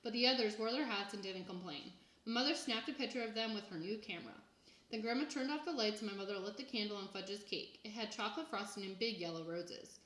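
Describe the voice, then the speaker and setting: A woman reading a children's book aloud in an even, plain storytelling manner. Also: mid-range voice, quick pace. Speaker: reader. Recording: echoey room.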